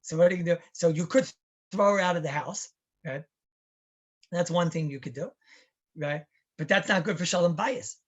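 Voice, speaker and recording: A man's voice: fairly high pitch, normal speed, pauses often, highs cut off. A man, a rabbi, teaching a halacha class in a chatty lecture style, telling stories and asking rhetorical questions.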